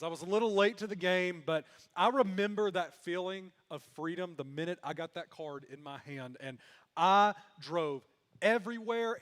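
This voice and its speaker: A man's voice: sits high, fairly bright tone. A young male pastor from Mississippi giving a sermon, telling a self-deprecating story with humor. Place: church sanctuary. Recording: long hall reverb.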